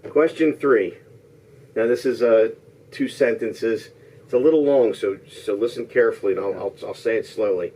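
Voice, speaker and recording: A man hosting a homemade trivia game show, explaining the rules plainly and reading clues slowly and deliberately. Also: on the low side, mellow, far from the mic, slight background noise.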